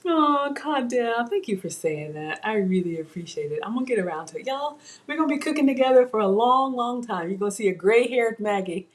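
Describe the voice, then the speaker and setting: A woman's voice: a little high, lively intonation, fairly quick. A woman hosting a live home cooking class, chatty and self-teasing as she talks to viewers from her kitchen. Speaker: cooking show host.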